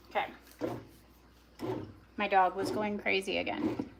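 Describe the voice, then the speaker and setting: A woman's voice: medium pitch, slow, gravelly, pauses often, noisy background. A woman narrating her own cooking in a casual livestream, muttering to herself as she works in her home kitchen. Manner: chatty self-narration, muttering to herself, bursts of yelling at her dog. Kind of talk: casual talk while cooking.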